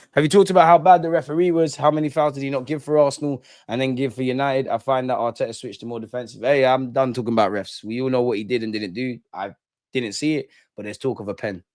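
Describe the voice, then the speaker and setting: A man's voice: medium pitch, quick pace, darkish tone, dry recording, studio quality. A young man hosting a live football reaction stream, bantering, mocking rival fans and reading chat aloud. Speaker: football fan channel host.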